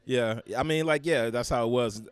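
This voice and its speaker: A man's voice: mid-range voice, moderate pace, clean tone, no echo. An American man, a comedian guest, telling brash, profane road stories in casual chat. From United States. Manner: blunt, profane, brash storytelling.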